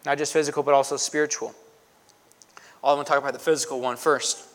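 A man preaching a sermon in a conversational way, often asking "right?" and swelling louder to stress a point. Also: medium pitch, little pitch movement, fast talker. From United States. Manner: conversational preaching, frequent "right?" asides, swells loud for emphasis. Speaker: pastor.

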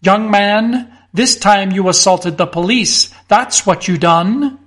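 A man reading as a gruff, bullying village constable who blusters and sneers in rough common speech. The voice sits high and carries hard. It comes from a storybook narration. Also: slow, fairly bright tone. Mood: angry.

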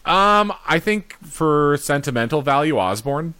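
A man co-hosting a podcast in relaxed casual chat, often trailing off quietly. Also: a little high, unhurried, smooth, no echo. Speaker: podcast co-host.

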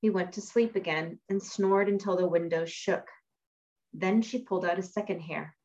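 A woman reading a fairy tale aloud in a measured storytelling manner. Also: on the low side, darkish tone. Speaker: reader. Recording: dull lo-fi recording.

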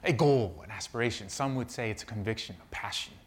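A man's voice: lowish voice, quick pace. A man preaching a sermon, telling a personal story and turning it into earnest reflection. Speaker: pastor.

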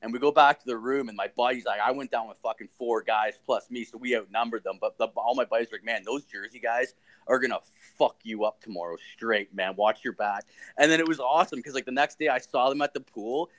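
Young guy host, swears nonstop, rambling animated anecdotes, mid-pitched. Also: a little fast. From Ontario, Canada. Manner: profane, rambling, animated storyteller. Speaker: podcast host. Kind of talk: casual storytelling chat.

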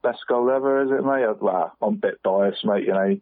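Heard through a dry, tinny phone line with no echo, a football pundit guest in his forties talks at normal speed in a voice on the low side. He rambles casually about the game on the radio, constantly dropping "mate."

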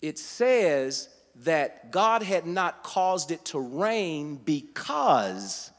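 Preacher guy, voice swings up and down a lot, gets loud and fired up, long hall echo. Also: on the high side, sing-song, extremely slow. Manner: builds from quiet teaching to loud fervent preaching. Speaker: pastor. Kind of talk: sermon.

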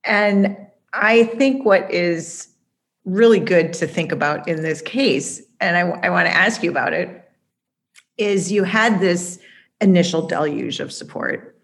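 A woman hosts the interview in a fairly low voice for a woman. She responds to her guest's story and turns it into a lesson for her listeners. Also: a little slow. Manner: engaged, draws lessons for listeners. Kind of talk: conversational interview.

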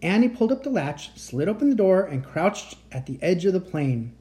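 Warm-voiced woman reading a storybook. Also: moderate pace. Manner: lively storytelling, raising pitch for shouted lines. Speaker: reader. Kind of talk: reading a children's chapter book aloud.

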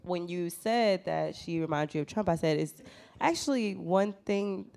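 Blunt lady on a chatty podcast, low voice, says what she thinks. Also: lively intonation, normal speed, gravelly, a little mellow. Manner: blunt, opinionated. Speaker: podcast co-host. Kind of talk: casual gossip chat.

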